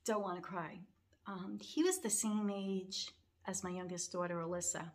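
A woman's voice: lowish voice, fairly even intonation, moderate pace. A middle-aged woman telling a personal story in a casual vlog, rambling and heartfelt, her voice wavering toward tears. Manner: rambling and heartfelt, with frequent fillers and restarts. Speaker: cross-stitch vlogger.

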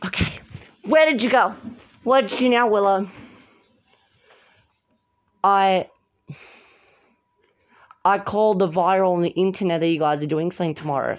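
A woman voices several bickering girls in a home-made doll drama, jumping quickly between characters and gasping and shouting through their arguments. Her voice is mid-range, and the home recording sounds dull and lo-fi.

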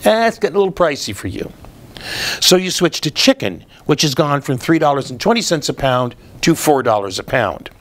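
A man's voice: on the high side, very animated, moderate pace. Sardonic man hosting political commentary. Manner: sardonic, explanatory, with frequent "uh" fillers. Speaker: political commentary show host.

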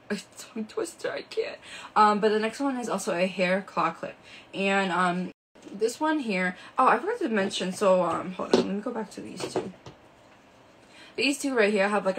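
Een vrouw die kletsend haarclips presenteert in een livestream. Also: female voice, mid-range voice, slight background noise, poor audio. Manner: chatty, full of fillers like "um" and "like". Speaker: live shopping host. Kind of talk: casual live product demonstration. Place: indoors with a ring light.

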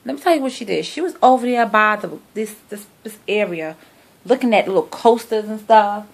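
Gravelly-voiced chatty woman vlogger. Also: medium pitch, animated, a little fast. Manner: chatty, sassy, talks to viewers like friends. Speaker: vlogger showing a shopping haul. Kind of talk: casual chat to camera. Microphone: phone camera.

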